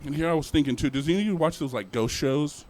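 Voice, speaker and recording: A young man performing a stand-up set at an open mic, animated, acting out characters in sudden put-on voices. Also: a little high, quick pace. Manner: animated, acts out characters with jumps in voice. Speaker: stand-up comedian.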